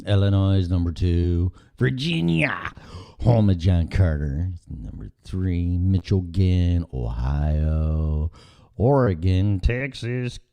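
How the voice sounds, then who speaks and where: A man's voice: low-pitched, dark tone, muffled recording. A middle-aged man hosting a casual live-stream show, rambling and sarcastic with frequent swearing. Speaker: podcast host.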